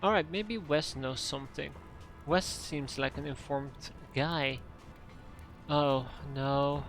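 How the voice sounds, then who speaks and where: A man's voice: fairly high pitch, fairly even intonation, slow pace, a bit bright. Wry male streamer, game music. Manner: wry, sighing, reads narration aloud. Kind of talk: casual gameplay commentary reading game text aloud.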